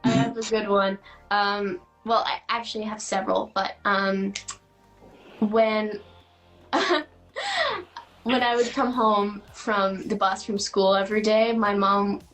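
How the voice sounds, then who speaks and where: A woman's voice: medium pitch, fairly even intonation, slow, a bit bright, soft background music, low-quality recording. A teenage girl, a guest actress, answering interview questions chattily with lots of fillers and giggles.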